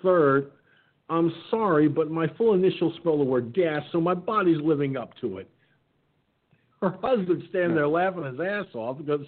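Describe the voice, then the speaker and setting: A man's voice: a little high, moderate pace. Man, talk radio host, casual storytelling, acts out quotes, middle-aged, tinny phone sound. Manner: animated anecdote-telling, acting out quotes.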